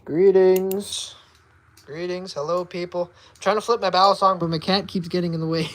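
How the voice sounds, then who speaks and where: A woman's voice: lowish voice, steady tone, fast, fairly bright tone, a little hiss or hum. A woman chatting casually to her cat in baby talk, cooing and meowing at it, in a vlog. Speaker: vlogger.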